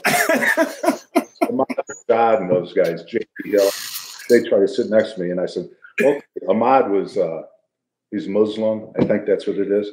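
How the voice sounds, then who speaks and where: Older male ex-athlete, easygoing joker, lowish voice, echoey recording. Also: a little mellow. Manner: jokey, laughing storyteller. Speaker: guest, retired football player. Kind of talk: casual storytelling.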